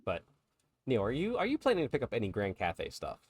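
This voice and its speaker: A man's voice: mid-range voice, huge pitch swings, fast talker, no room sound. A man co-hosting a podcast, talking casually and chattily about tabletop miniatures and laughing along with his co-host. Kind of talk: casual chat.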